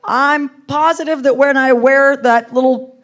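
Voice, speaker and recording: A woman's voice: high-pitched, fairly even intonation, measured pace, a bit bright. A woman stand-up comedian with a brash, profane, chatty delivery.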